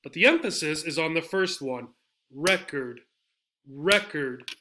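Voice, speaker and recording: A man's voice: on the high side, sing-song, brisk, noisy background. A man teaching an English pronunciation lesson, speaking patiently and repeating each model word several times. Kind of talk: slide-based pronunciation lesson.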